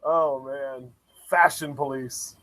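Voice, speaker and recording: A man co-hosting a live reaction show, expressive and laughing, with swooping exclamations. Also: medium pitch, slow, no echo. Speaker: co-host reacting to a wrestling broadcast.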